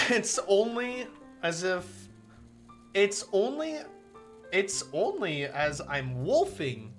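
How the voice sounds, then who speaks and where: A male streamer with a high, bright voice, reading a visual novel aloud and breaking off into playful, swearing asides. His pitch leaps around animatedly, and soft game music plays in the background. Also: slow. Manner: playful, profane asides, excitable and jokey.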